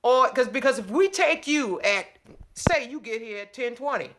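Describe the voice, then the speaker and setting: A woman vlogger ranting and telling a story to camera in a sassy, animated way. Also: a little high, moderate pace. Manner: animated, sassy, acts out both sides of a phone call.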